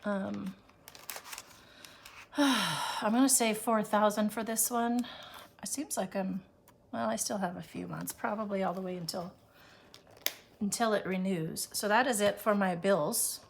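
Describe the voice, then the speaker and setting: A woman counting cash aloud for a budgeting vlog, often quietly, with self-deprecating remarks between counts. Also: mid-range voice, a little slow, creaky, pauses often, a little hiss or hum. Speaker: budgeting vlogger. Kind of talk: casual cash-stuffing vlog.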